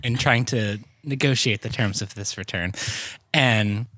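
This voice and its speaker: A young man recounts an everyday mishap on a podcast, with amused, deadpan timing. His voice sits at an ordinary pitch and is recorded close and dry. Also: a little slow, no room sound. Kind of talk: casual storytelling.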